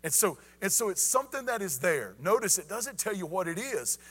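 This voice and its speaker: A man's voice: sits high, very animated, fairly quick, a bit bright, breathy edge. A man preaching a folksy evening sermon, often asking "you ready?" and saying "y'all".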